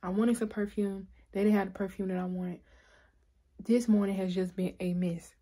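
A woman's voice: medium pitch, fairly even intonation, moderate pace, dark tone, husky. A young woman in casual vlog chat, talking straight to her viewers in a chatty, filler-heavy way. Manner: chatty, addresses viewers directly, frequent fillers. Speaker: vlogger.

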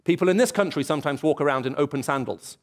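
A man's voice: a little high, fast, a little hiss or hum. A man preaching a sermon in a church, telling stories and acting out bits of dialogue. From England. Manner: storytelling, acts out dialogue and voices.

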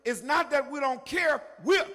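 Older preacher, high voice, shouts and murmurs, long hall reverb. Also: male voice, normal speed. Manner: preaching, swinging from quiet asides to shouting. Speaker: pastor. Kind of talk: sermon. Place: church sanctuary.

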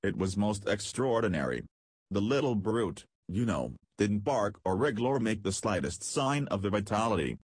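Man, low voice, audiobook narration, measured storytelling pace, dry booth. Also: sing-song, husky, no echo. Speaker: audiobook reader. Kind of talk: scripted narration.

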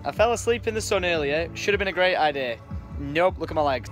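A young man, chatting casually in a vlog around his house and garden, excitable and swearing freely. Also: a little high, fairly quick, over music. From England. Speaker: vlogger.

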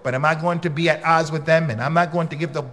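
A man's voice: fairly even intonation, fast talker, fairly bright tone. Emphatic man preaching bluntly. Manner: emphatic, with sudden rises in pitch; blunt and conversational. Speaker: preacher and khatib. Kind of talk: lecture to a congregation.

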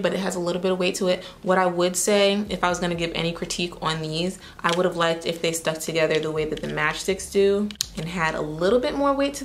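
A woman's voice: on the low side, slight background noise. A young woman doing a casual, chatty makeup try-on review, with sassy asides. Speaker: beauty vlogger.

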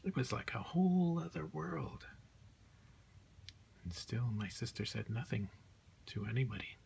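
A man hosting a storytime as Santa, reading a children's picture book aloud. His voice is gravelly and sits at a middle pitch, gentle and often sinking to a near whisper, with a faint hiss behind it. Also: expressive, unhurried.

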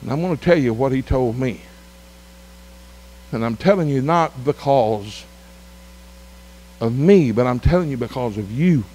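A middle-aged man preaching a revival sermon as pastor, with drawn-out emphatic phrases. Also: medium pitch, lively intonation, dark tone, slightly rough. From Arkansas.

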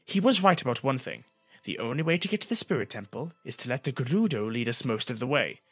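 A man voicing a grave, serious young woman warrior in an audiobook, speaking in a hushed, grim way. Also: mid-range voice, animated, quick pace, breathy edge, no echo, soft background music.

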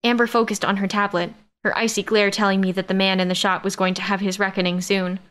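A woman narrating a science-fiction romance audiobook in the first person, with a steady, expressive reading. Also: medium pitch, fast, clean tone.

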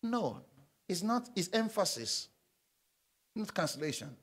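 A man's voice: sits high, big pitch swings, unhurried, a bit bright, husky. A man preaching a sermon in church, reading scripture and asking his congregation to answer back. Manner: call-and-response preaching, asks the congregation questions. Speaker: pastor.

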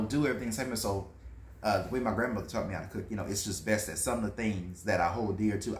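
A man rambles on in a casual, emphatic monologue, full of fillers and asides. His voice sits a little low. The sound carries a noticeable room echo. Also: fairly bright tone. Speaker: food vlogger. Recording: echoey room.

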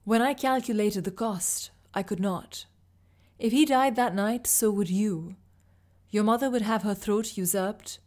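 A dying master assassin, voiced by a woman reader, speaks in a soft, measured way. Each line is slow and heavy with sorrow. There is no bluster, only quiet weariness. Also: medium pitch, close to an everyday voice. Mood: sorrowful. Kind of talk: audiobook character voice.

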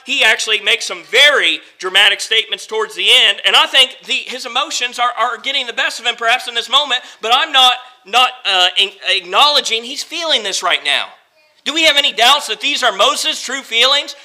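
A male pastor delivers a sermon in a high, strikingly bright voice. He repeats phrases for emphasis and slows down for scripture. His delivery swings from quiet and slow to louder and faster. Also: rough recording.

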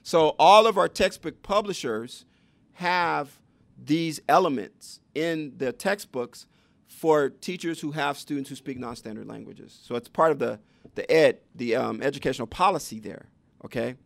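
In an unhurried, slightly high voice that is creaky and a bit bright, a man lectures the public on education in a conversational way, throwing rhetorical questions at listeners. The audio has no echo.

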